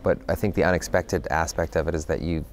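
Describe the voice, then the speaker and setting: A middle-aged man speaks in a very deep, rough, fry-laden voice, giving a press interview about a film he acted in. He thinks aloud, circling back and filling gaps with "you know" as he searches for the right words. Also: fairly even intonation, fast, a little hiss or hum.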